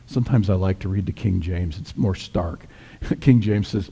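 A middle-aged male pastor tells a scripture story in a folksy, conversational way, like a sermon shared with friends. His voice sits low and mellow, with a husky, slightly worn grain. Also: measured pace.

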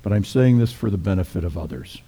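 A calm male teacher speaks with quiet, solemn authority, as a preacher puts him on. The voice is low, mellow and a touch husky, unhurried and sure. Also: heavily acted, poor audio.

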